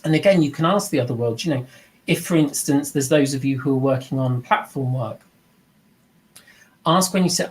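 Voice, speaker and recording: A man's voice: mid-range voice, moderate pace, long pauses, low-quality recording. Earnest middle-aged man teaching. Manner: earnest, reflective, acts out quoted voices. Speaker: mediumship teacher. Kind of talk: informal spoken teaching.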